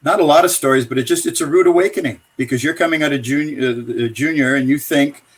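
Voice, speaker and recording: Older man, higher voice, spinning yarns. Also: quick pace, slightly rough. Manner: chuckling, rambling anecdotes. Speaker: guest, former pro hockey player and coach. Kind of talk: casual storytelling.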